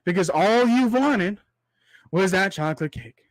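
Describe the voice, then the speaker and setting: A man's voice: high voice, lively intonation, dry recording. A young man hosting a livestream, delivering a preachy ranting monologue full of rhetorical asides, his voice tiring from talking so long. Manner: preachy, repetitive rhetorical asides, drawn-out extended metaphor. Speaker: livestream host.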